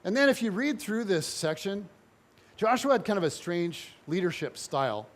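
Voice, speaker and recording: Male pastor, higher-pitched voice, animated storyteller preaching to a congregation. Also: moderate pace. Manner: animated storytelling, voicing biblical figures in dialogue. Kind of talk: sermon.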